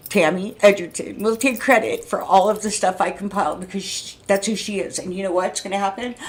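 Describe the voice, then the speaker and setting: A woman in her sixties talking loudly in a rambling, casual monologue, often checking in with "right?" and "you know what I mean?". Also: on the low side. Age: 60s. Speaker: vlogger.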